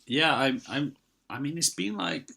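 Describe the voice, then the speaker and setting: A young man co-hosts a casual podcast chat in a bright, forward voice at an ordinary middle pitch. His tone stays wry and teasing throughout. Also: expressive, unhurried, vocal fry, breathy edge. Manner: wry, teasing, laughs easily. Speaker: podcast co-host.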